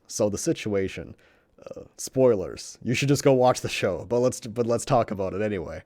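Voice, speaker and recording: A man's voice: on the low side, lively intonation, moderate pace, a little mellow, dry recording, clean studio sound. A young man talks in a loose, casual monologue, reviewing a show he loves. He swears often, trips over his words, and grows more and more worked up as he gushes.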